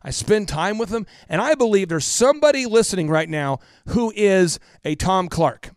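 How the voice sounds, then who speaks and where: A man in his thirties, a podcast guest telling stories with emphatic, repetitive energy that drops to a hush for emotional moments. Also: high-pitched, animated, normal speed, no echo, studio quality. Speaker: podcast guest, business coach. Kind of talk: impassioned storytelling interview.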